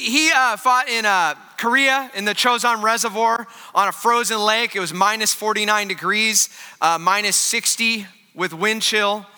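A man's voice: high-pitched, pushed and bright, smooth, big-room sound. A man preaching a sermon in a casual, joking, conversational way, full of fillers. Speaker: pastor.

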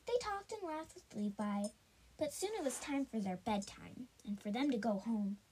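A woman improvising a told story, halting often with restarts and fillers. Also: fairly high pitch, expressive, warm tone, slight background noise, low-quality recording.

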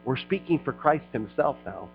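A middle-aged man preaching a sermon as a pastor, talking to the crowd like friends and swelling into loud passionate stretches. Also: a little high, expressive, moderate pace, creaky, highs cut off, soft background music. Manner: conversational preaching, rising to loud passionate peaks.

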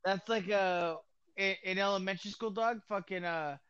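A young man in casual chat, laid-back and profane, often trailing off low and mumbling. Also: steady tone, normal speed, fairly bright tone, smooth, no room sound, lo-fi sound.

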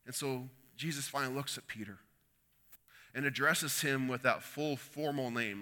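A pastor preaches a sermon, telling a story and acting out its quoted lines as the intensity rises and falls. His mid-range voice has a sharp tone and a big-room sound.

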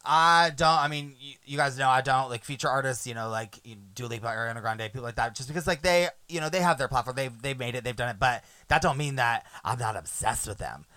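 A man hosting a music podcast, chatting casually in a playful, animated way that often trails off quietly. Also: mid-range voice, quick pace, hardly any pauses, dry recording. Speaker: podcast host.

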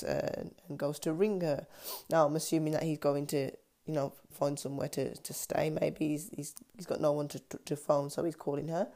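A woman with a low voice talks through a film's story in a loose, casual way. She stops often to say um and goes back to restart her sentences. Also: dark tone. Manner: hesitant, many ums and restarts. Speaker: film discussion vlogger. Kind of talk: casual plot retelling.

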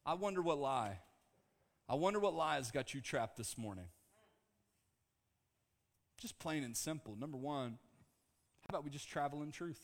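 A man preaching a lively sermon to his congregation, mixing calm teaching with jokes and bursts of shouting. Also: a little high, normal speed, pauses often. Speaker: pastor. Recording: long hall reverb.

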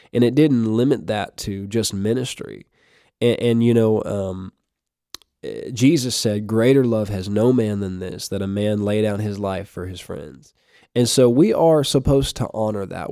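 A man giving a short devotional podcast talk, halting with fillers and restarts, reading scripture aloud. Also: fairly low pitch, dark tone, dry recording, studio quality. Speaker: podcast preacher.

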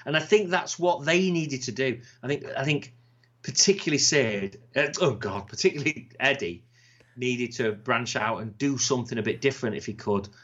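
A man's voice: medium pitch, normal speed, husky. Sweary man, casual podcast chat. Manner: sweary, animated, slips into impressions. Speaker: podcast co-host. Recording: slightly dull lo-fi sound.

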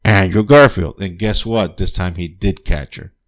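A man with a low-sitting voice talks at a moderate pace while hosting a podcast and reviewing a film. The chat is loose and profane, packed with fillers and restarts, and he laughs a lot, sounding enthusiastic throughout this casual spoken review.

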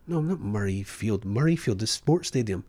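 A man's voice: fairly low pitch, lively intonation, moderate pace, background noise. A man from Scotland, co-hosting a podcast in casual chat, rambling and self-deprecating, laughing often and swearing. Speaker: podcast co-host.

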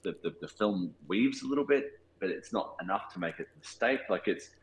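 Deep-voiced Australian man, roomy sound. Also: animated, a little fast, a little hiss or hum. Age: 40s. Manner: thoughtful, hesitant, many restarts and fillers. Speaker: cinematographer guest. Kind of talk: casual interview talk.

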